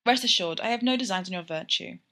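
A woman's voice: fairly low pitch, quick pace, gravelly, pushed and bright. A wry, plain-spoken woman doctor, read by a female narrator. She talks with dry humor and no fuss, in a spoken crime storybook. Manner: dry, frank.

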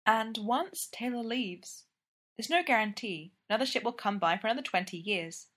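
A woman narrating a story aloud with an expressive, lively delivery. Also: on the high side, normal speed. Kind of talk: story reading.

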